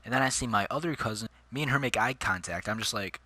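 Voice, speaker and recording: A man's voice: lowish voice, fast, bright, forceful tone, no echo. A man telling a personal story in casual, slangy vlog chat, calling his listeners dude and bro. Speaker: vlogger.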